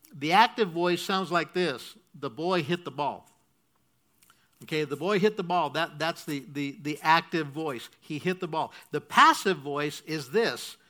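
With a bright, forceful tone and a slightly high voice, this pastor explains his point step by step in a sermon. He keeps the congregation engaged by having them repeat and checking with "okay?" again and again.

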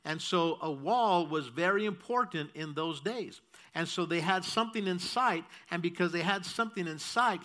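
A man's voice: high voice, sharp tone. A man preaching a sermon in an emphatic style, repeating key phrases and putting questions to the congregation. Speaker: pastor.

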